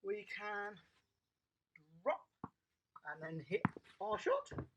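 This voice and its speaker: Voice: medium pitch, wildly swooping pitch, very slow, slight background noise. An upbeat adult tennis coach, running an online class for small children and cheering them on by name.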